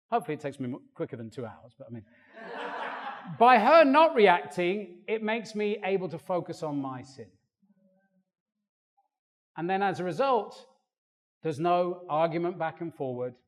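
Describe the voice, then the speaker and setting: An older man preaching a sermon in a church, animated and acting out quoted voices. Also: high-pitched. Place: church hall. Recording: long reverb of a church hall.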